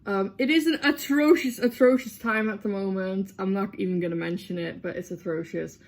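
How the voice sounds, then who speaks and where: A woman chatting straight into her camera for a book vlog, with a gravelly, fry-heavy edge on a mid-height voice. She gets excitable, drops swear words freely and fills her pauses with ums. The sound is a casual, unpolished camera-mic recording. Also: medium pitch. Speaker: book vlogger.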